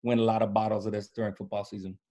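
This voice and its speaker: A man's voice: lowish voice, little pitch movement, rapid-fire, dark tone. A young man talking casually as a podcast guest, telling loose, slangy stories with plenty of fillers. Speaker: podcast guest, former college football punter. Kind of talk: casual chat.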